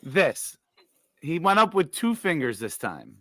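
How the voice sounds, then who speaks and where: A man hosting a casual wrestling reaction podcast, quick and teasing as he steers the talk. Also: fairly high pitch, big pitch swings, pushed and bright. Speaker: podcast host.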